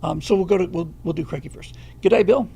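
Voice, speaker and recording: Man, middle-aged, livestream host, halting delivery full of ums, gravelly fry in the voice. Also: a little high, steady tone, mellow. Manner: halting, many fillers and restarts, reads viewer comments aloud. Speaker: livestream host answering viewer questions. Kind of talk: casual livestream chat.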